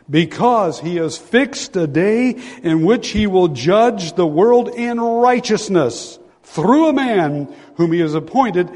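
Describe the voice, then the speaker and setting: An older man delivers a dramatic Sunday sermon, his slightly high voice rising into loud pleas and falling to hushed, low confessions. The sound carries a long hall reverb from a large sanctuary. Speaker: pastor.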